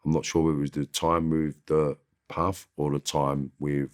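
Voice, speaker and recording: A man with a very deep, low London voice tells his stories in loose, slangy street talk. He is an interview guest and talks casually, picking up energy as he recounts things. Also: level tone, normal speed. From Northwest London. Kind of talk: casual storytelling.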